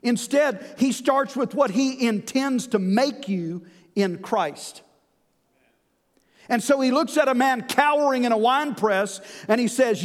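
A male pastor preaching a sermon in an earnest manner, slowing down to stress key lines. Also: extremely high pitch, long reverb tail.

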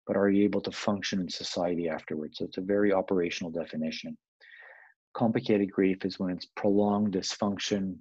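A man's voice: sits low, a little mellow, slightly rough, no room sound, lo-fi sound. A man who works as a palliative care doctor, answering interview questions in a reflective way, with many restarts and "you know" fillers.

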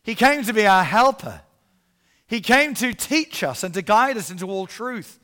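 A middle-aged man preaching as an evangelist, telling a story with animated swings between hushed and loud passages. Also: high voice, normal speed. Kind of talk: storytelling sermon.

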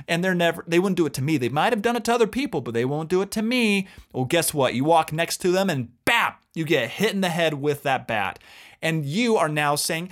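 A man's voice: a little high, lively intonation, fairly quick. Earnest man giving life advice. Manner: earnest, emphatic, lecturing. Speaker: co-host. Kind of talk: casual advice talk.

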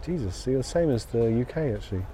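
A man co-hosting a radio show, chatting casually outdoors by a canal, full of quick interjections and teasing questions. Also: mid-range voice, lively intonation, mellow, slight background noise.

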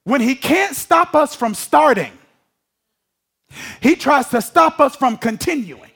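A man's voice: very high-pitched, lively intonation, slow pace, gravelly, a bit bright. A man preaching a sermon, emphatic, often checking that the congregation is following him.

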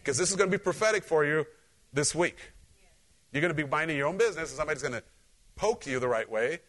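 This pastor has a fairly high-pitched male voice and talks fast. His sermon is conversational and animated, full of personal stories, and he speaks directly to the congregation.

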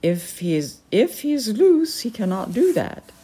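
A woman's voice: mid-range voice, very animated, a little slow, dark tone, slightly rough, pitched above the performer's own voice. A woman voicing a stern, commanding female peregrine falcon in a storybook reading, formal and imperious.

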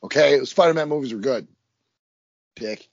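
A man co-hosting a podcast in casual chat who rambles and swears, with halting restarts. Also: mid-range voice, creaky, no echo. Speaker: podcast co-host. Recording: dry, dull lo-fi audio.

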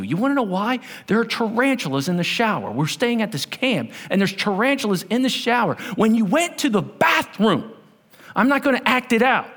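A man preaching a sermon as pastor, telling stories and swinging from loud to hushed. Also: very high voice. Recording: long hall reverb.

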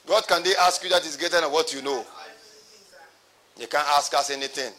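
A man's voice: fairly high pitch, fairly quick, pushed and bright. A pastor preaching a sermon to his congregation, repeating his phrases and calling for responses.

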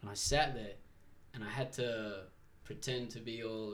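A young man, a podcast guest telling a travel story in an animated, casual way. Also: fairly low pitch, measured pace. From Israel. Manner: animated, acts out quoted voices, swears freely.

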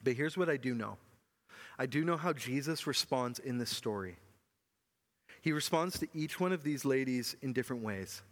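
A man's voice: animated, moderate pace. Earnest man preaching in a hall. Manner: earnest, often drops to a soft low voice. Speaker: pastor. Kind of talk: sermon. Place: church hall. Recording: long hall reverb.

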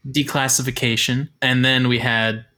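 A young man with a bright, forward voice chats on a podcast with friends. He rambles through his day with fillers and small laughs, in an easy, unhurried way. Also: mid-range voice, flat delivery. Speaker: podcast co-host. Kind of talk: casual chat.

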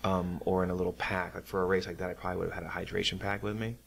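A man's voice: deep voice, very fast, vocal fry, slight background noise. A man hosting a casual podcast, encouraging his guest and sharing his own running stories, often restarting his sentences. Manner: relaxed, encouraging, repeats words and restarts. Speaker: podcast host.

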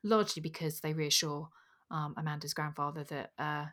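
A woman's voice: low voice, moderate pace, a bit bright. A woman co-hosting a book podcast, chatting casually with fillers. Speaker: podcast co-host.

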